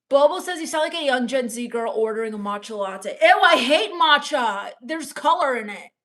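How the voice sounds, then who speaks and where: A young woman streaming in character, deadpan and sulky, sarcastically complaining while reading chat comments aloud. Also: on the high side. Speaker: comedic livestreamer reading chat. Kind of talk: in-character comedy livestream.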